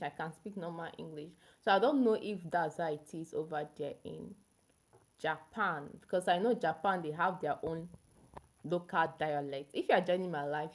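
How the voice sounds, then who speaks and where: A young woman with a Nigerian accent hosts a casual livestream, talking straight to a viewer and explaining things at length. Her voice sits a little low. She keeps a chatty, easygoing flow. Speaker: livestream host.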